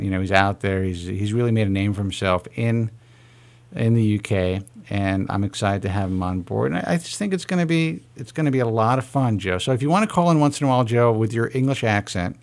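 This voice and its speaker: A man's voice: lowish voice, fairly quick, creaky. A man hosting a radio call-in show, rambling and joking with callers in casual chat.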